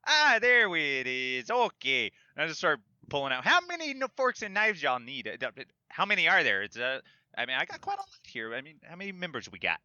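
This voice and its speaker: A man's voice: fairly high pitch, brisk, no echo, muffled recording. A man playing a tabletop game, joking and talking in character as a shifty merchant. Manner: animated, joking. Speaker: player.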